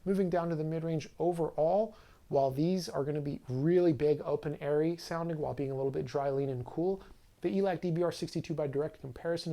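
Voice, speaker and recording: A man's voice: on the high side, dark tone. A man giving a casual, conversational product review to camera, speaking loosely with frequent fillers and restarts. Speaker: audio equipment reviewer.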